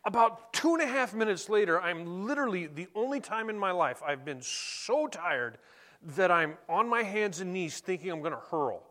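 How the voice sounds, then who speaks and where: A middle-aged man preaching a sermon, conversational and animated, telling stories between scripture readings. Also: high-pitched, moderate pace. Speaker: pastor.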